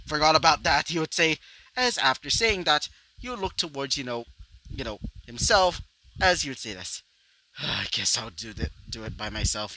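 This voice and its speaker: Male storyteller, improvised fan-fiction narration, rambling with constant fillers, bright and animated delivery. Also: mid-range voice, slight background noise, low-quality recording. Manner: rambling, full of "you know" fillers.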